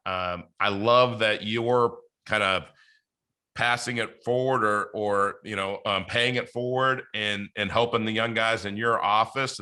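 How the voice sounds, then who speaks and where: A man's voice: on the low side, bright, forceful tone. A man hosting a podcast interview, chatting casually with plenty of fillers and restarts. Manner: rambling, many fillers and restarts. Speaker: podcast host.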